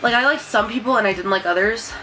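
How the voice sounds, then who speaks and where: A woman's voice: fairly high pitch, quick pace, pushed and bright, soft background music, rough recording. A young woman vlogging in a casual, rambling way, full of fillers and "like". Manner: chatty, rambling, many fillers and likes. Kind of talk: casual chat to camera.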